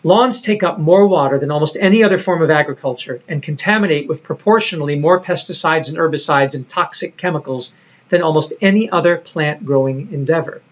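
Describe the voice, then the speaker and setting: A man's voice: on the high side, a little fast. A man narrating a recorded lecture in a reflective, storytelling way, on a dull lo-fi recording. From United States.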